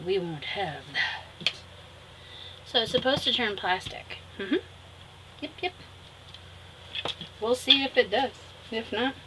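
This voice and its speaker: A woman chatting casually through a craft tutorial, talking fondly to her viewers and laughing at herself. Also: mid-range voice. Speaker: craft vlogger. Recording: noticeable background noise.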